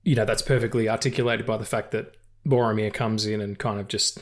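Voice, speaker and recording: A man hosting a podcast, talking casually about films in an animated, rambling and profane way. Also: lowish voice, brisk. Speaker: podcast host. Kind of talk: casual film-discussion chat.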